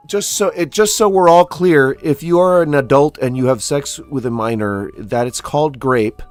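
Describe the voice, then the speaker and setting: A woman's voice: low-pitched, moderate pace, hardly any pauses, darkish tone, soft background music. A woman giving casual reaction commentary, exasperated and incredulous, swearing often.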